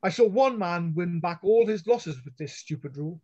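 A bold young noblewoman speaks up in a high, clear voice that sits above the crowd, as a male reader puts her on. She is firm and sure of her rights. The sound is dull and lo-fi, like an online call. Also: lively intonation, normal speed, darkish tone. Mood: commanding.

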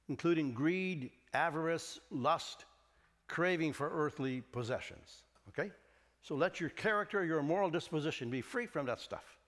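An older man preaching a sermon as pastor, reading scripture slowly and emphatically with light jokes in between. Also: fairly high pitch, animated, fairly bright tone, big-room sound. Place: church sanctuary.

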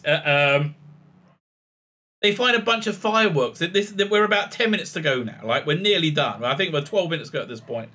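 A man's voice: a little high, normal speed, bright, forceful tone. A man recapping and reviewing a TV episode in a sarcastic, rambling way, full of fillers and restarts. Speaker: TV reviewer, channel host.

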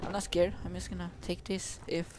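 A man's voice: high-pitched, flat delivery, fairly quick. A young man commentating a horror game, taunting the monsters, swearing and yelping when scared, then whispering while he sneaks. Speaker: gameplay commentator. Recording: noisy home mic recording.

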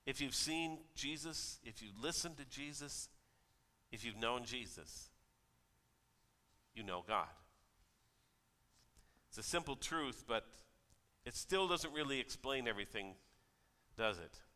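Animated and slow, a man preaches as pastor in a church, pausing often, his mid-range voice pushed and bright. He tells stories in a conversational way, voicing the people he quotes, and the recording has church hall reverb.

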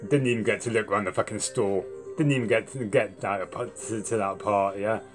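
A young man with a low voice tells a long, rambling story, swearing freely as he goes. Faint music sits quietly under his voice. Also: fairly quick. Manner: swears a lot, rambling and animated when retelling. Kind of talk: casual storytelling monologue.

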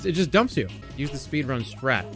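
Excitable man streaming games. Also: mid-range voice, normal speed, faint music behind. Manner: excitable, bursts into laughter and shouting. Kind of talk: live game-stream commentary.

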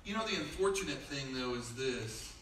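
In an echoey church sanctuary recorded from far away, a middle-aged pastor gives a conversational sermon full of humorous stories, voicing the people he quotes. His mid-range voice is expressive and fairly bright at a normal speed, with a little hiss or hum.

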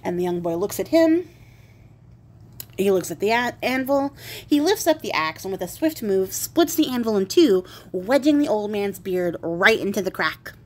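A woman's voice: mid-range voice, expressive, moderate pace, a little mellow. Chatty woman retelling a fairy tale. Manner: wry, chatty, laughs and swears. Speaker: craft video host.

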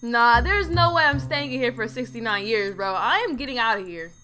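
Animated high-voiced woman gamer. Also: a little fast, faint music behind. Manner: dramatic, indignant and chatty, lots of slang. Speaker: roleplay gamer narrating her own character. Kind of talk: casual game roleplay commentary.

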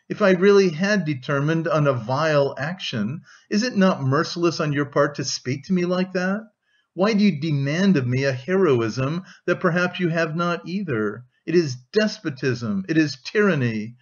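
A man's voice: fairly high pitch, dull audio. A man reading an audiobook, voicing a proud young woman who speaks firmly and dryly. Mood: upset. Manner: firm, dry, cool.

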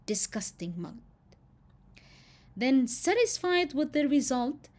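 A woman teacher tells an animal fable at an unhurried pace. She stops often to ask her listeners questions and leans hard on the key words. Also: a little high, darkish tone. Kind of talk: storytelling lesson.

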